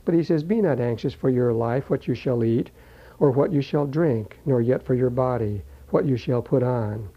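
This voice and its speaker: A man preaching a sermon in a folksy, conversational way, slowing down to read scripture aloud. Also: medium pitch, husky. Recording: dull lo-fi recording.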